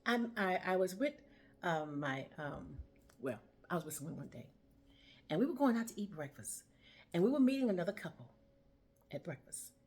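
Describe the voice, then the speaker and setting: A woman's voice: on the low side, sing-song, moderate pace, pauses often, husky. A woman giving a casual motivational talk and telling a story, laughing often and acting out the voices of the people in it. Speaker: motivational vlogger.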